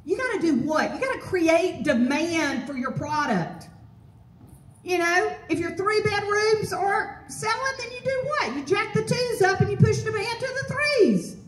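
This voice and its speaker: A woman giving a motivational property management seminar, energetic, often posing fill-in-the-blank questions to the audience. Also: very high voice, unhurried. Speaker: property management trainer and speaker. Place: event hall with an audience. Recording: roomy hall, voice from far off.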